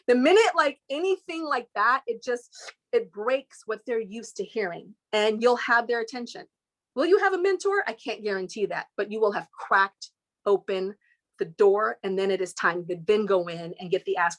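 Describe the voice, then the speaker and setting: A woman, an interview guest from California, telling stories with lively voice imitations and quick pitch jumps. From Inglewood, California. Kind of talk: animated storytelling.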